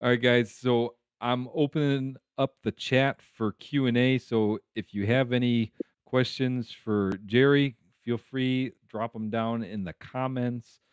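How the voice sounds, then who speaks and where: A man's voice: medium pitch, steady tone, unhurried, clear, resonant tone, dry recording. A man hosting a motorcycle live stream, asking questions and reading the chat in a casual, friendly way.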